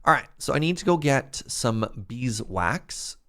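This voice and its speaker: A man's voice: mid-range voice, animated, unhurried, a bit bright, clear, resonant tone. A man streaming a building game, chatting casually and thinking aloud as he builds. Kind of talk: casual livestream chat while playing.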